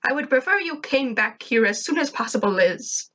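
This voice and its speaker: A woman putting on Zim, an impatient little alien invader who pushes and insists in quick, clipped bursts, pitched higher than her reading voice. He sounds eager and bossy, like a cartoon alien. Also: animated, bright, forceful tone, heavily acted. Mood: insistent.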